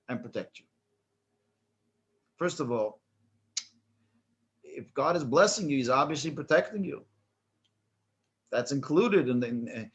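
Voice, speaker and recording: A man's voice: a little high, a bit bright. A man who is a rabbi teaching a class, telling a joke and then explaining a prayer with many restarts. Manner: halting, many restarts and fillers, chuckles at his own joke. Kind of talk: storytelling then lecture.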